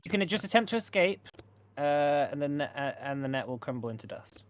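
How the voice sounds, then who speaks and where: A young man, the game master, casually running a tabletop game with hesitant pauses. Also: medium pitch, dry recording. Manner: relaxed, hesitant, many filler sounds.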